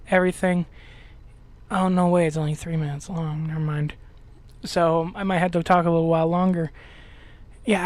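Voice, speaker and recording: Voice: mid-range voice, darkish tone. A gaming channel host with a slight lisp gives casual, rambling gameplay commentary, full of hesitations and restarts, and has a dry mouth.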